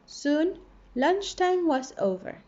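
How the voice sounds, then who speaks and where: A woman primary school teacher reading a children's storybook aloud, expressive with playful sound effects, on a dull lo-fi recording. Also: high-pitched, slow pace.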